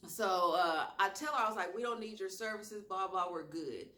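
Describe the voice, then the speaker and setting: Southern woman storytime vlog, animated and chatty with slang, echoey room. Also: medium pitch, normal speed. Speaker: YouTuber telling a story.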